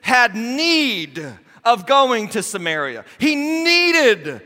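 A man as lead pastor, preaching a sermon with animated, humorous storytelling that acts out Bible scenes. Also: very high voice, very slow, in a large hall.

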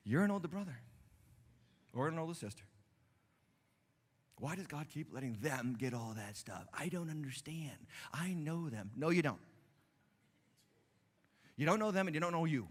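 A bright, high-voiced man preaches a sermon from a church stage. He drops to hushed asides, then builds to loud, emphatic lines. His voice rings out with a long reverb through the hall. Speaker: pastor. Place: church sanctuary.

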